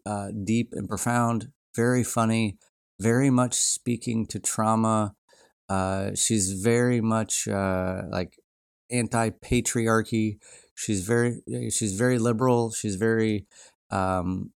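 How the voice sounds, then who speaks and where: A low-voiced man talks loosely and reflectively, circling back on himself with plenty of "uh" and "like". The sound is dry and close, with no room around it. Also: gravelly, smooth, dry recording. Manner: rambling, frequent fillers and restarts, laughs often. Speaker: podcast host. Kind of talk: casual reflective monologue.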